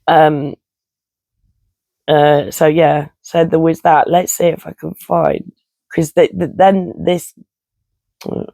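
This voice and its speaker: A woman's voice: deep voice, little pitch movement, slow pace, creaky, pauses often, warm tone, no room sound. A woman, ranting bluntly and chattily to her viewers, swearing and laughing as she goes. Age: 50s. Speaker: vlogger. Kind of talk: casual rant to camera.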